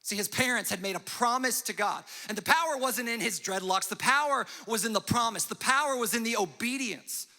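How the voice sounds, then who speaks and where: A man's voice: very high voice, bright, forceful tone, long reverb tail. A young man preaching a sermon as a pastor, telling a story and briefly acting out its characters. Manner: storytelling with quick acted-out voices and asides. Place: church hall.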